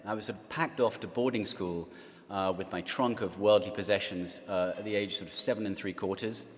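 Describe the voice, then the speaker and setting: English man, 40s, lowish voice, guest speaker, halting and wry, big hall reverb. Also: steady tone. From England. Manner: self-deprecating, halting with many fillers. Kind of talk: speech to an audience.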